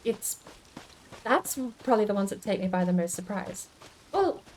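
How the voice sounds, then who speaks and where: A woman's voice: mid-range voice, big pitch swings, normal speed, a little hiss or hum. A woman streamer in casual chat, musing aloud and answering chat comments as she goes. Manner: chatty and musing, with many restarts.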